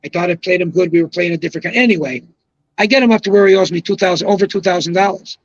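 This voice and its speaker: A man's voice: high voice, rapid-fire, no room sound, lo-fi sound. A man in his seventies, a retired bowling pro, telling long rambling stories with emphatic asides in casual podcast conversation. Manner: rambling, emphatic anecdotal storyteller. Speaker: guest, retired pro bowler.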